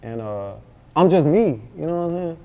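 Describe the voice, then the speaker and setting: A man with a Memphis accent, a rapper telling a story in a casual interview, animated and full of slang, acting out what others said. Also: a little high, normal speed. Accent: Southern US, Memphis. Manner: animated, slangy, acts out quoted dialogue. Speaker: rapper guest.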